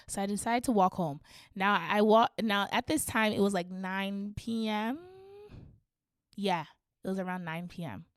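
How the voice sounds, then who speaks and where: Young woman podcast host from canada telling a story, slangy, gets loud and squeaky, dry close mic. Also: moderate pace, no echo. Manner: animated, slangy, rising to shrieks. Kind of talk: casual storytelling.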